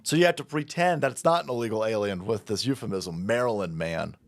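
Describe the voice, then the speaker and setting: A man's voice: mid-range voice, big pitch swings, fast, no room sound, faint music behind. A man ranting sarcastically and indignantly in a commentary vlog, with frequent swearing. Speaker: political commentator.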